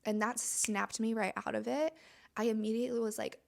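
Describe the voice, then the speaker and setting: A woman's voice: a little high, steady tone, fairly quick, gravelly. A woman hosting a podcast, speaking in a chatty, emphatic, motivational monologue and filling her sentences with "like.". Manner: chatty, emphatic, heavy use of "like". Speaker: podcast host.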